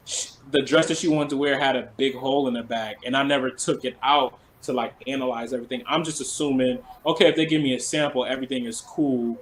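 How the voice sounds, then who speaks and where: A man's voice: mid-range voice, a little hiss or hum, low-quality recording. A man who works as a celebrity stylist, talking casually in an interview, rambling and filling his story with "like.". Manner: rambling, full of "like" fillers.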